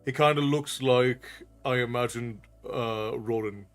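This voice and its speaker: A man's voice: medium pitch, normal speed, hardly any pauses, a bit bright, soft background music. A man with an unusual Irish accent, chatting with viewers on a live stream and answering their comments aloud. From Ireland. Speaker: storytelling streamer.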